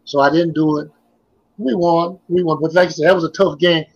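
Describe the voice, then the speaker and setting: A man's voice: a little high, steady tone, a little fast, dull audio. An older man, a former basketball player, reminiscing as a guest in a casual interview, telling his stories in a rambling, repetitive way.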